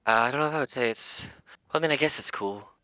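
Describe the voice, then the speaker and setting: A man's voice: medium pitch, fast, bright, forceful tone, dry recording. A man playing his character in a tabletop game, talking casually with swearing and describing his character's actions. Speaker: player. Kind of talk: in-character tabletop role-play.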